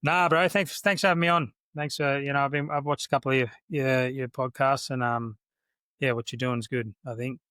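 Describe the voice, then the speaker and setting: Australian man, Australian accent, mid-pitched voice, dry close sound, easygoing. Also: steady tone, brisk, pushed and bright, clear, resonant tone, no echo. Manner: easygoing, laughs often. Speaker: guest, former soldier. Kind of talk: casual interview chat.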